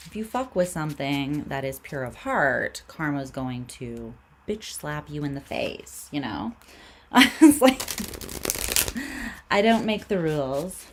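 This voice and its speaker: Woman, low voice, lively pitch swings, casual tarot livestream, laid-back, swears freely. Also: slow, a little hiss or hum. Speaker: tarot reader.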